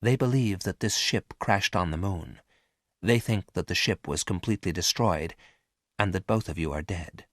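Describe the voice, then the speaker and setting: Calm all-knowing robot for a storybook, quiet and even, read by a man. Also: fairly low pitch, moderate pace, dry recording, studio quality.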